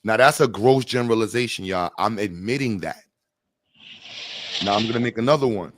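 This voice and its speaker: A man's voice: on the low side, fairly quick, background noise. A man hosting a casual livestream chat, talking bluntly and rambling with jokes. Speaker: host.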